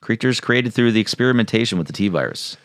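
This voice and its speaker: A man's voice: lowish voice, quick pace, clean tone, dry recording, clean studio sound. A man co-hosting a podcast, casually recapping a movie and acting out lines from it. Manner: animated, recaps plot and mimics lines with laughs. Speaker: podcast co-host.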